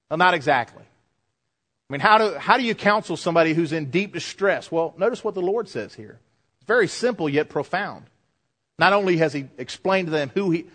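A male pastor delivers a sermon in a notably high voice. He swings from loud, raised emphasis down to quiet, low asides. The sound carries a long hall reverb. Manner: preaching with swings in pitch and loudness.

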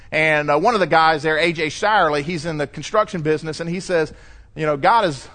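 A middle-aged man pastor delivering a sermon, preaching emphatically and rising to loud cries when he quotes scripture. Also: on the high side.

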